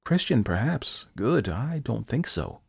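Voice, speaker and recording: A man's voice: mid-range voice, sing-song, a little slow, vocal fry, breathy edge, heavily acted. A man reading a story, voicing a stern old saint turning a sinner away. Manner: firm and disapproving. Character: stern older male saint, judging gatekeeper.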